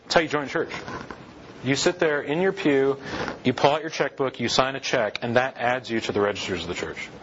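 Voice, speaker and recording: A man's voice: mid-range voice, brisk, fairly bright tone, highs cut off, slight background noise. Man lecturing with lots of rhetorical questions. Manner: conversational, asks the audience rhetorical questions. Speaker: lecturer on church history. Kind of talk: classroom lecture.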